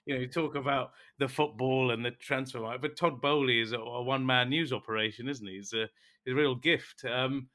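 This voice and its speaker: A man's voice: mid-range voice, fairly even intonation, a little fast, sharp tone. A man co-hosting a sports podcast, bantering with his co-host and steering the talk with questions. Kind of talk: casual podcast chat.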